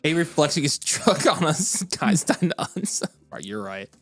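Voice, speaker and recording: A man co-hosting a casual fantasy football livestream, reading chat aloud in an animated, excitable way. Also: fairly high pitch, husky, soft background music. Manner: animated and excitable, quick to vent frustration.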